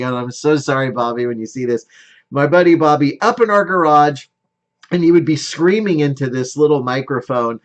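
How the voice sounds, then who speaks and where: A middle-aged man casually talking through one of his sculptures, rambling with many fillers and self-deprecating humor. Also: mid-range voice. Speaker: sculptor showing his work. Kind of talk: casual show-and-tell vlog.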